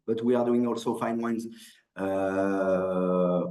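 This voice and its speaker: A man's voice: sits low, steady tone, slow pace, darkish tone, roomy sound, poor audio. A man with a French accent giving an online wine presentation, hesitant, with many restarts and fillers. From France. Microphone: video call.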